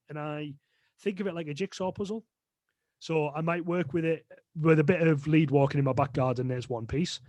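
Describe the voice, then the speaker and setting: A man's voice: a little high, a little mellow, no echo. A man talking as a guest on a podcast, explaining dog training in a chatty way with lots of fillers. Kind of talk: casual podcast interview.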